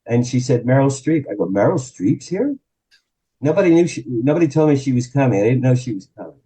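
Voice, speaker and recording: A man from New Jersey in his sixties, telling an animated anecdote as a guest on an interview show and acting out the quotes. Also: medium pitch, poor audio. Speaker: guest, publicist and author. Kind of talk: storytelling in an interview.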